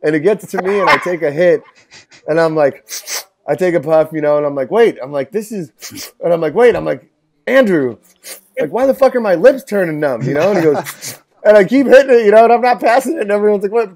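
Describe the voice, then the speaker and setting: A man's voice: high voice, lively intonation, a little fast, a little mellow. A man in his late twenties telling a story as a podcast guest, rambling and profane with constant filler words. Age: 20s. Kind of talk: casual storytelling.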